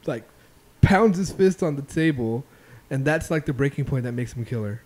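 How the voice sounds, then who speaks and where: A man's voice: medium pitch, normal speed, hardly any pauses, darkish tone. A man hosting a podcast, telling stories in a loose, profane way with lots of filler ums. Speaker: podcast host. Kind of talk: casual chat.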